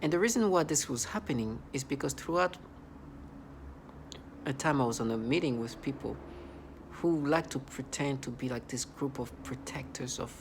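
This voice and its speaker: A man's voice: medium pitch, moderate pace, a little hiss or hum. A man vlogging in a rambling, agitated monologue full of restarts and repeated words. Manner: agitated, repetitive, many restarts; laughs in disbelief.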